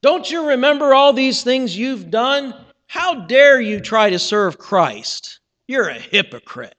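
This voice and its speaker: A preacher putting on a scornful, accusing devil. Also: male voice, very high-pitched, sing-song, slow pace, fairly bright tone, lo-fi sound, voice pushed up, exaggerated voice. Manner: scolding, sneering questions. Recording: reverberant church sanctuary.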